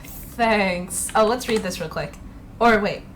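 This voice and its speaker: A woman's voice: medium pitch, takes it slowly, pauses often, a little hiss or hum. A young woman playing a video game, chatting casually, laughing often and reading game letters aloud. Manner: excitable, laughs often, reacts loudly. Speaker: let's play gamer.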